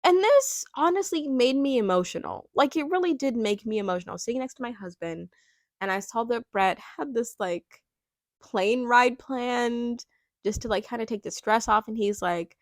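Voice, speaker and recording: A woman's voice: a little high, animated, dry recording, clean studio sound. Gushing, chatty young woman. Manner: gushing and chatty, with many likes and quick laughs. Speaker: reality TV reviewer. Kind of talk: casual vlog commentary.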